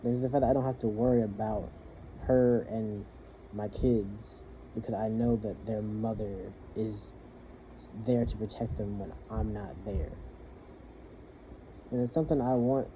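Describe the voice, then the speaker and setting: Young man venting, halting and rambling. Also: on the low side, fairly even intonation. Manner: rambling, halting, swears freely. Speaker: soldier venting. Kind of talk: personal venting monologue. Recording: muffled lo-fi with faint hiss.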